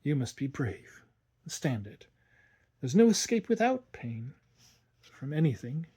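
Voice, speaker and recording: A husky-voiced man reading an audiobook, voicing a calm, secretive governess who speaks in hushed tones. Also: medium pitch, slow, full character voice. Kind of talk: audiobook narration.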